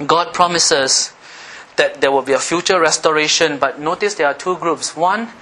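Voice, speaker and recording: A middle-aged male pastor delivers a lively sermon in a bright, forceful voice that sits a little high. He swings between emphatic, almost shouted passages and quiet, confiding asides to his listeners. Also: normal speed, a little hiss or hum.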